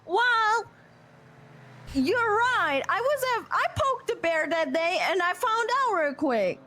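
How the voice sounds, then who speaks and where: A woman voicing a dramatic, flustered young woman in improvised role-play who backs down and apologizes quickly. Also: very high-pitched, sing-song, sharp tone, full character voice. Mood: upset. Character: dramatic young woman, adopted daughter, defensive.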